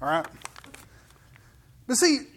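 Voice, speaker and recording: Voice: slow, a bit bright. An emphatic preacher teaching from scripture. The delivery is conversational and keeps reaching out to the listeners with asides and questions. The pace rises and falls to stress each key point. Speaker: pastor. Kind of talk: sermon.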